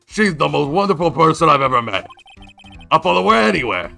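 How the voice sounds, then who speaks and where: A man voicing an excitable, lovestruck young male artist in a video game, loud and eager. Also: on the high side, brisk, gravelly, soft background music, pitched above the performer's own voice, full character voice. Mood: excited.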